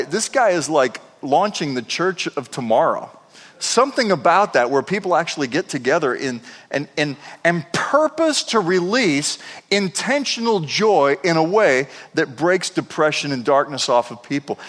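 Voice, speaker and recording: A man preaching a sermon, telling stories with animated emphasis and repeating words as he builds up. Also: a little high, big-room sound. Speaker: pastor. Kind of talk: sermon storytelling.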